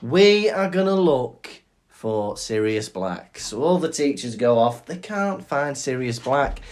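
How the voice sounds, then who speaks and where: A man's voice: mid-range voice, big pitch swings, takes it slowly. A young man co-hosting a podcast, joking in casual chat and recapping a book chapter. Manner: wry, jokey banter. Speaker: podcast co-host.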